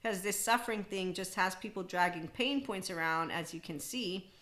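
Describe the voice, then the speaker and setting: A middle-aged woman hosting a podcast, talking through a casual spiritual monologue in an animated way, often laughing and mimicking other people. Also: medium pitch, normal speed. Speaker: podcast host.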